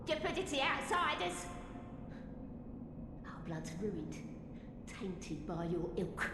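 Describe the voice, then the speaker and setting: A woman's voice: mid-range voice, sing-song, takes it slowly, very echoey, long reverb tail, over music. An actress voicing a bitter, suspicious townswoman who scorns outsiders, in video game dialogue. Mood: scornful. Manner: hostile, scornful.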